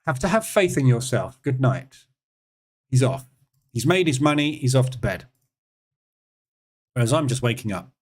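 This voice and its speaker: A man from England hosts a live trading session. He talks in a casual, conversational way, answering questions from the chat between readings of the charts. His voice sits at an ordinary, middle pitch. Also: very animated, normal speed, long pauses, slightly rough. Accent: English. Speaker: trading room host.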